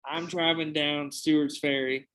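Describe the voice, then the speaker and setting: A man's voice: fairly high pitch, little pitch movement, unhurried, a bit bright, clear, resonant tone, low-quality recording. A young man hosting a podcast, telling a long anecdote in a casual, profane, rambling way with frequent restarts. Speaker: podcast host. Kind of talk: casual storytelling.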